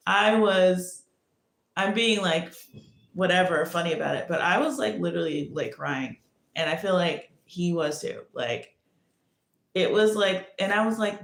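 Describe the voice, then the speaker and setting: Woman host, lowish creaky voice, rambling casual storytelling, echoey room. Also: normal speed. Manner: rambling, many restarts and "like"s. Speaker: podcast host.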